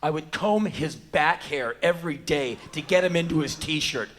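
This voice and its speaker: A man putting on a wronged wife addressing a courtroom, defiant and vengeful. She speaks in a loud, brash voice and works herself up into triumphant shouting. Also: on the high side, moderate pace, voice pushed up.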